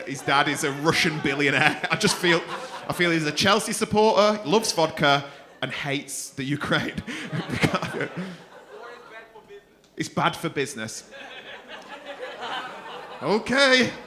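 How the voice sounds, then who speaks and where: A man's voice: on the high side, a little slow, crowd noise. A man hosting a comedy club night, swearing freely and teasing audience members. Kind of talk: stand-up crowd work.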